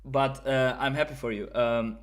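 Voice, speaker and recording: A man's voice: medium pitch, fairly even intonation, moderate pace. German-accented man on a livestream. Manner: thinks aloud, swears, keeps adding "right?". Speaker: livestream host. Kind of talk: casual livestream chat.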